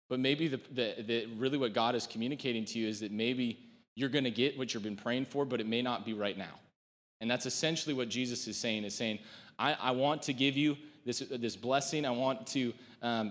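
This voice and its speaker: Conversational man preaching in a reverberant hall. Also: medium pitch. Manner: conversational, joking asides, acts out quotes. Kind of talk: sermon.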